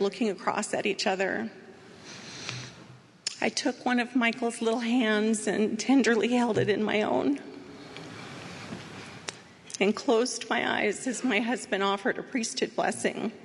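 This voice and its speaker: A woman giving an earnest, measured personal testimony as she tells her story. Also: on the high side, creaky, big-room sound. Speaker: speaker sharing a personal story.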